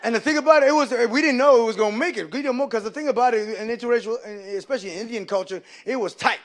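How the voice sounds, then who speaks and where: A man doing live stand-up comedy, telling animated stories and slipping into loud character voices. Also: very high voice, very fast, a faint crowd.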